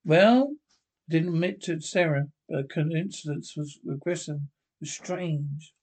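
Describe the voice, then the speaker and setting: A man's voice: a little high, measured pace, darkish tone, breathy edge. A man reading a tired young husband. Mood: grim. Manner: tired, reassuring. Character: weary young husband, steady.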